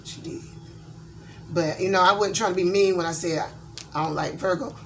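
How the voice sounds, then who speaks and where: A woman's voice: on the low side, steady tone, brisk, a little hiss or hum. A middle-aged woman from Georgia, talking in a candid, rambling way as a tarot reader in a casual vlog. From Georgia, USA. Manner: blunt, candid, rambling with many fillers.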